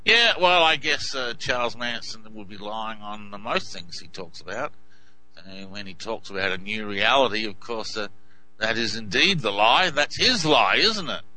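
A man's voice: lowish voice, lively intonation, moderate pace, pushed and bright, low-quality recording. A man with an Australian accent casually commenting on clips, hesitant and full of ums and uhs. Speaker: video host.

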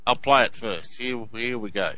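A male host leading a casual interview in a brisk, encouraging way. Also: mid-range voice, a crowd in the background, rough recording.

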